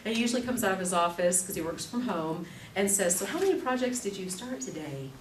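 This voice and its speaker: A woman in her thirties teaching an evening class, chatty and animated, telling stories with quick laughs. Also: medium pitch. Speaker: class instructor. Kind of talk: live classroom demonstration. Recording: echoey room, distant mic, faint noise.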